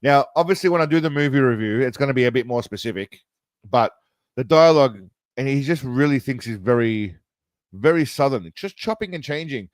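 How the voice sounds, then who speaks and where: A man's voice: mid-range voice, lively intonation, fairly quick, dry recording. A man hosting a stream, casually reacting to a film trailer in a mocking, rambling way. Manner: mocking, rambling, laughs at his own jokes.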